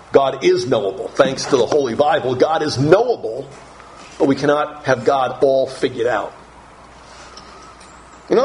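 A man's voice: mid-range voice, a little hiss or hum, low-quality recording. A male pastor preaching a Bible-teaching sermon, reading verses aloud and stressing key phrases with strong emphasis.

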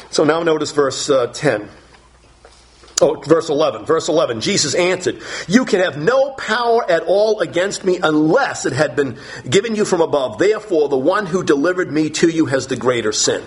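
Male preacher, high voice, lively delivery, voices each speaker in the passage. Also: a little fast. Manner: animated, voices scripture speakers dramatically. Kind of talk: expository sermon.

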